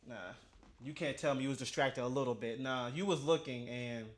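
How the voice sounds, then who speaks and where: A man's voice: medium pitch, fairly quick. Chatty man reacting, tripping over his words. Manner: animated, talks back at the video, stumbles and restarts. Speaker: reaction video host. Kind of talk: casual reaction commentary.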